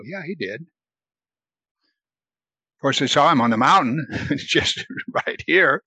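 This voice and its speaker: Bright-voiced man teaching a Bible study. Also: fairly high pitch, expressive, breathy edge, dry recording. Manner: asks questions and answers them himself; reads scripture slowly, then explains it casually.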